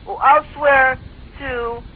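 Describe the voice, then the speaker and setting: A man's voice: very high voice, fairly even intonation, slow pace, full character voice. A man voicing a whiny little boy who bickers and stammers defensively on a phone call. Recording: tinny phone line, faint hiss.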